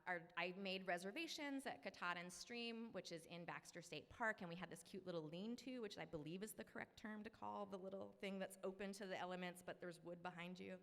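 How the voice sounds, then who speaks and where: A woman's voice: mid-range voice, fairly quick, few pauses, a bit bright, big-room sound. A woman in her thirties from Maine, telling a personal story to a live audience in a chatty, self-deprecating way. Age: 30s. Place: live event venue.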